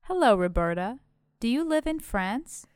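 A woman's voice: a little high, big pitch swings, unhurried, darkish tone, smooth, dry recording, studio quality. A woman voicing a chirpy British schoolgirl. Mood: cheerful. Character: friendly British schoolgirl at a party. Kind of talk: slow scripted language-lesson dialogue.

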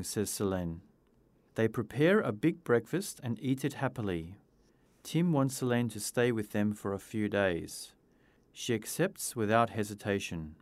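A man reading a simple story aloud in a clear storytelling manner. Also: on the low side, expressive, a little slow, darkish tone, dry recording. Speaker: narrator. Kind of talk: scripted storybook narration.

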